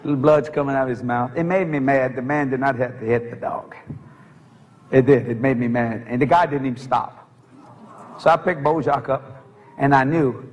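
A man preaching a humorous story, animated and laughing through his lines as he acts out sounds. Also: medium pitch, normal speed, in a large hall, a little hiss or hum.

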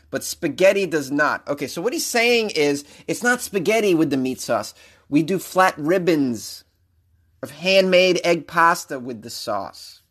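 Guy hosting a comedy news show, goofy and rambly, voice a bit on the high side. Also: a bit bright. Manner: rambling, jokey, self-mocking. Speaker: podcast host.

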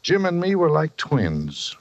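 A man's voice: on the high side, huge pitch swings, measured pace, full character voice. An actor playing a boastful, self-justifying former railroad brakeman who is a psychiatrist's patient, in a 1940s radio drama. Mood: reminiscing. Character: shifty middle-aged man, a former railroad brakeman. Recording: dull old radio recording.

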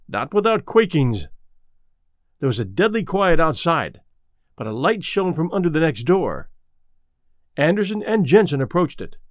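Lively male storyteller, dry sound. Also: fairly high pitch, no echo. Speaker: narrator. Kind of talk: audiobook narration.

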